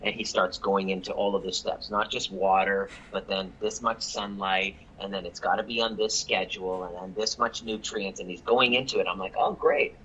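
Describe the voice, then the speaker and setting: Energetic man telling a story. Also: low voice, normal speed, few pauses, lo-fi sound, a little hiss or hum. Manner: energetic, quotes people in the story, repeats words when excited. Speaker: chiropractic coach and guest. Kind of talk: animated storytelling on a live call.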